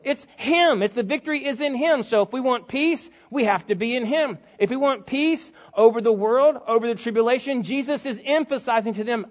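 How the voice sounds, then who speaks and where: High-voiced preaching man, echoing hall. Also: moderate pace. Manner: emphatic preaching, repeating key words. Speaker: pastor. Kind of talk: televised sermon. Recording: dull sound with long hall reverb.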